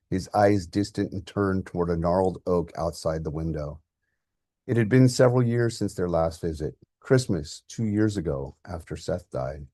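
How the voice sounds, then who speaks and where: A man, the host and author, reading his short story aloud in a quiet, heartfelt way. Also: low voice, breathy edge, no room sound, studio quality.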